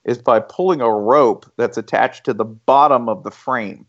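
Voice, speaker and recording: A man hosting a casual sports podcast, telling a story with animated delivery. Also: normal speed. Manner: animated storyteller, bursts into high mocking voices. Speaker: podcast host. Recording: dull lo-fi podcast audio.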